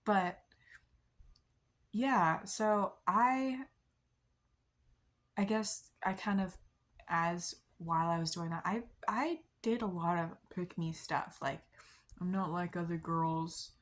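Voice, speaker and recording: A young woman chatting casually to her camera, rambling with many fillers and soft laughs at herself. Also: lowish voice, slow, long pauses. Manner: rambling, many likes and ums, soft self-deprecating laughs. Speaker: vlogger. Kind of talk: casual confessional chat to camera.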